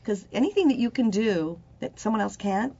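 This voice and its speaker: A woman's voice: mid-range voice, very animated, fairly quick, warm tone, slight background noise. An older woman hosting a casual interview, chatty and joking as she rambles through stories. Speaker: talent manager and host. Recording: dull lo-fi recording.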